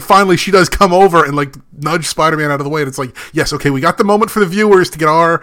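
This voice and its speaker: A man's voice: on the high side, rapid-fire, hardly any pauses, a bit bright. A man co-hosting a podcast, rambling in casual chat, with lots of "like" and restarts. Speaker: podcast co-host.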